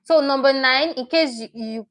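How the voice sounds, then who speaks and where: A woman's voice: high-pitched, normal speed, fairly bright tone. A woman teaching a live online language lesson, patient and repeating each word as she explains it step by step.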